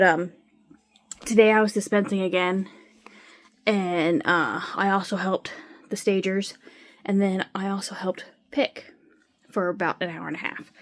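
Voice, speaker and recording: A woman chatting casually to camera at home, rambling with sighs and frequent fillers. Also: mid-range voice. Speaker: vlogger. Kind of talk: casual chat.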